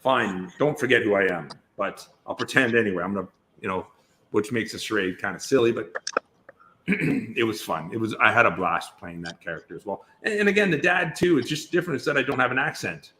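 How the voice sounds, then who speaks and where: Bright-voiced man telling rambling stories. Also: medium pitch, animated, a little fast, a little hiss or hum. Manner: rambling storyteller, many restarts. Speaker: guest actor. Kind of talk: casual interview chat.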